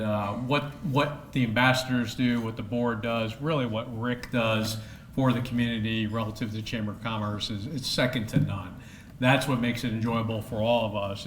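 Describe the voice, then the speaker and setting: A man who was past board president, giving an unplanned thank-you with fillers and a plain manner. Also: on the low side. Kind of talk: impromptu thank-you speech. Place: banquet hall. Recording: echoey hall, faint noise.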